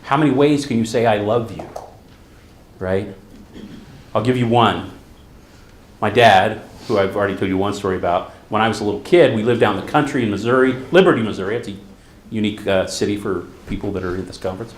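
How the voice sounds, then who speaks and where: A man's voice: fairly low pitch, fairly quick, reverberant. A middle-aged man, a therapist, giving a conference talk, telling stories and acting out the quotes. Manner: storytelling, animated, acts out quotes. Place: conference hall.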